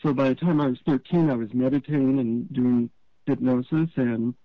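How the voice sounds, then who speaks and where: A man, an author being interviewed, tells stories in a relaxed, halting way with fillers. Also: medium pitch, dry recording. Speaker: author guest. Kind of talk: storytelling interview answers. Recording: dull lo-fi radio sound.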